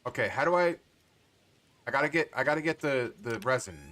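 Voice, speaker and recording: A man's voice: mid-range voice, animated, a little fast, bright, forceful tone. A man livestreaming a farming game, rambling to himself and swearing often in casual commentary.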